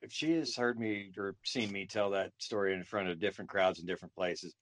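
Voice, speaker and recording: A man's voice: sits low, fairly quick, a bit bright, no room sound, clean studio sound. A man in his forties chatting casually as a guest, wry and self-deprecating. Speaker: comedian guest. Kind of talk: casual interview chat.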